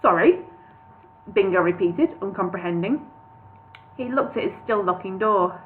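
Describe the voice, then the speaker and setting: A woman reading a book aloud in her flat, stumbling over words and breaking off for laughing asides. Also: mid-range voice, normal speed. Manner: reads with slips, laughs and casual asides. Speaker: audiobook reader. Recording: tinny phone-like sound with faint hiss.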